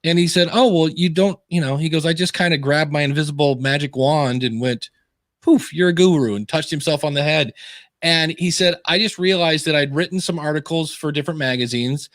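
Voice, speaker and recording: With a fairly high pitch and a fairly quick delivery, the podcaster-author guest keeps the casual interview light, mocking himself and voicing the characters in his stories. He's on a video call, and the recording is clean, with no room sound at all.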